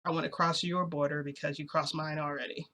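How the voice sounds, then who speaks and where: A woman voicing a sly, teasing young man who talks in a soft, low, insistent way. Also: little pitch movement, a little fast.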